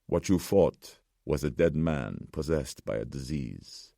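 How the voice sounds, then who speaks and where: A somber old survivor speaks in a measured, ominous tone, voiced by a man. The voice sits extremely low with a gravelly rasp. It is dry and close to the mic. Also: expressive, mellow, no room sound, full character voice.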